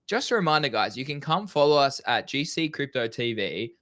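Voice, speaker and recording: A young man co-hosting a casual crypto trading live stream, energetic and slangy. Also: mid-range voice, moderate pace, hardly any pauses, no echo. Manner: energetic, excitable, slangy, swears.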